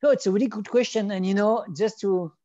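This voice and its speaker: A man chats through a rambling, enthusiastic story, often restarting mid-sentence. His voice is warm and mellow. The audio is dry and a bit dull and lo-fi. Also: high voice, a little fast, dry recording. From France. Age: 40s. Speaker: wedding photographer, guest. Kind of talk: casual interview chat.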